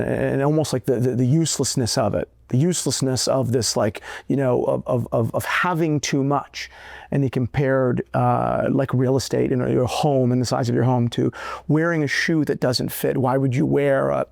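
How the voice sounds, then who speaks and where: Gravelly, rambling man talking to camera. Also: mid-range voice, darkish tone, no room sound, studio quality. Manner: rambling, profane, many restarts. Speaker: watch vlogger. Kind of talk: casual talk to camera.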